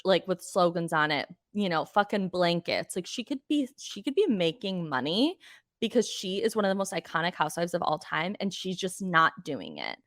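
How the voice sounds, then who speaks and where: A woman's voice: fairly low pitch, fairly bright tone, no room sound, clean studio sound. A woman hosting a podcast, giving a chatty, exasperated recap of reality TV with plenty of swearing. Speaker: podcast host.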